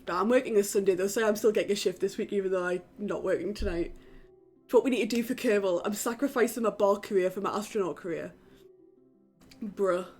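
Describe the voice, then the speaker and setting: A young woman from the UK chats away to her live-stream viewers while she plays, loose and talkative, dropping the odd swear word. Her pitch sits in an ordinary middle range. Faint music plays underneath her voice. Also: a little fast, darkish tone, breathy edge. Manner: chatty, casual swearing, talks to chat. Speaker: game streamer. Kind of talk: casual live-stream chat. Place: home in a flat.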